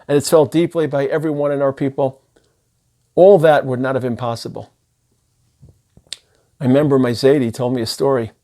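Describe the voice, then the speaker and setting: Earnest middle-aged rabbi preaching. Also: male voice, medium pitch, darkish tone. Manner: earnest, emphatic delivery sprinkled with Hebrew and Yiddish terms. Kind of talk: sermon.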